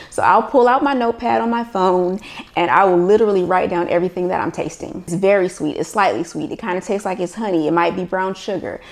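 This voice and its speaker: Gravelly-voiced woman from Los Angeles. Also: fairly low pitch, a little mellow. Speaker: recipe developer. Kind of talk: casual storytelling interview.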